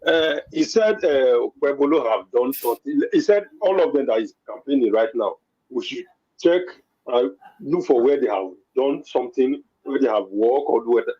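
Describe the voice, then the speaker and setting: Husky caller on a lo-fi line. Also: male voice, medium pitch, animated, normal speed, dark tone. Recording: dull lo-fi call audio.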